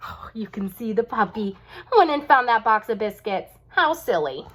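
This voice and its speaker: A woman's voice: on the high side, expressive. A young woman teacher reading a bedtime story aloud to children, stopping to ask them questions. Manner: warm, slow, asks children questions.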